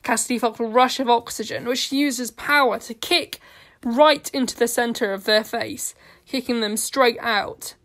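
A woman's voice: on the high side, fairly even intonation, normal speed, fairly bright tone. Woman reading a story aloud. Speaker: narrator.

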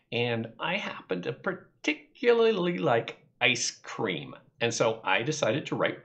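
A man's voice: medium pitch, a bit bright. A middle-aged American man explaining poetry to children in a friendly, enthusiastic way, with fillers and restarts. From United States. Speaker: poetry teacher for kids. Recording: slightly dull lo-fi audio.

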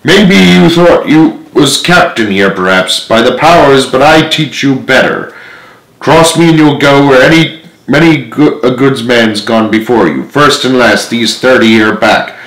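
A man's voice: medium pitch, a little slow, fairly bright tone, reverberant, voice pushed up, low-quality recording. A man doing a blustering old pirate cook. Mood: roaring threat. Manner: blustering sea-dog growl with pirate oaths. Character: old one-legged pirate cook, cunning and menacing. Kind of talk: storybook read-aloud acting.

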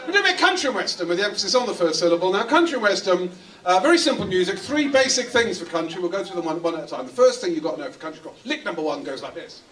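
An English man doing stand-up comedy on a club stage, dropping his punchlines in a deadpan, throwaway way between bits of banjo playing. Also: high voice. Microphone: stage microphone. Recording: roomy club sound from a distance. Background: banjo playing, audience laughter.

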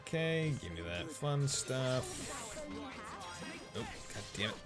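A man's voice: mid-range voice, sing-song, takes it slowly. A man with a Boston accent streaming a video game, chatting casually and rambling with lots of fillers. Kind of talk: casual let's-play chat. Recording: faint game music behind.

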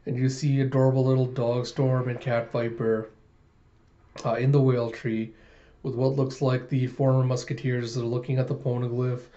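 A man casually reviewing a comic chapter, retelling scenes with chuckles and animated voices, on a slightly dull recording. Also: medium pitch. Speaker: manga reviewer.

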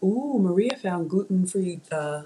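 A young woman with a light Southern US accent, born in Ghana, chats with her viewers while she cooks on a live stream. Her voice sits a little low, and she keeps up an easy, talkative flow. She is recorded on a tablet mic. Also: lively intonation, unhurried, mellow, a little hiss or hum. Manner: chatty, talks straight to viewers. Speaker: cooking channel host. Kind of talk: live-streamed cooking chat.

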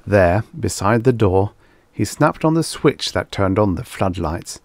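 A man reading vintage science fiction stories aloud as an audiobook narrator, in a steady, measured way. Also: on the low side, no room sound.

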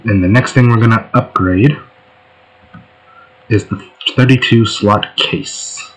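A man's voice: on the low side, takes it slowly, poor audio. A man hosting a let's play, giving casual gameplay commentary in a laid-back, joking way.

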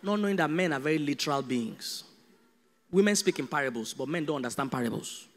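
Nigerian male pastor, slightly high voice, lively sermon, echoing hall. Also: quick pace. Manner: animated, humorous, acts out dialogues.

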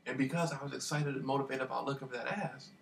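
A man telling a rambling personal story in a casual monologue, repeating himself and getting animated as he retells it. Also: medium pitch, fast talker, gravelly. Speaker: vlogger. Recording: distant mic with faint background noise.

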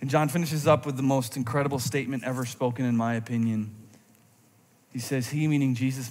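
A man preaching a sermon in a church, animated, moving between intense emphasis and quiet reflective moments. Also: mid-range voice, quick pace. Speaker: pastor. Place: church sanctuary. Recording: long hall reverb from a church sanctuary.

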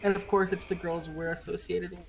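A woman's voice: on the low side, flat delivery, fairly quick, vocal fry, rough recording. A woman chatting casually while role-playing in a game.

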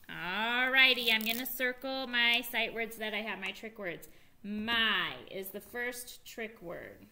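A young woman teacher walks small children through a phonics lesson, sounding out each word with care. Her voice is very bright and crisp, and she takes her time over every step. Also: a little high. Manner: slow, clear, sounding out words for young children. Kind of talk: early-reading phonics lesson.

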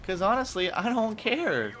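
Cocky young gamer, bright voice. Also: male voice, high voice, normal speed. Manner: excitable, cocky, profane trash talk; rambling with many fillers. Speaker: gaming channel host. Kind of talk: casual gameplay commentary.

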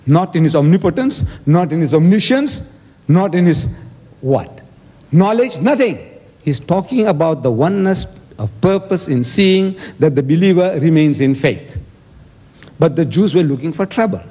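A man's voice: fairly high pitch, expressive, normal speed, warm tone, slightly rough, in a large hall. A man giving an emphatic debate speech, quoting scripture and asking rhetorical questions.

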